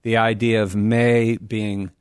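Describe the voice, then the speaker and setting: A middle-aged man as a radio guest, talking in an enthusiastic, rambling way with a preacher's warmth. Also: lowish voice, level tone, takes it slowly, clean tone, no room sound, studio quality. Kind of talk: casual radio talk.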